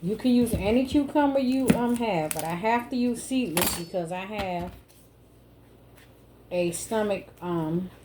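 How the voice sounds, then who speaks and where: A woman's voice: medium pitch, unhurried. A woman chatting casually with her viewers in a home cooking vlog, calling them y'all and baby. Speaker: home cook vlogger. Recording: loud background noise.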